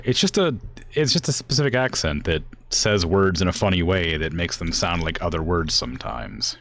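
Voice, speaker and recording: A man's voice: low-pitched, fairly bright tone. A man streaming a game, chatting casually and answering his chat with frequent laughs.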